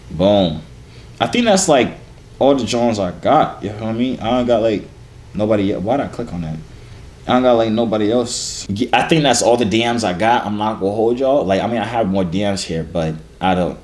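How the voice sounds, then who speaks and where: A man hosting a casual reaction vlog, reading fan messages with playful, slangy, teasing asides. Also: on the low side.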